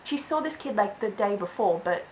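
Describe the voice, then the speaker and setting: A woman's voice: medium pitch, expressive, normal speed, darkish tone, slight background noise, poor audio. A young woman vlogger chatting through a storytime, filling her talk with "like". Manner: chatty, lots of "like". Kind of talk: storytime vlog.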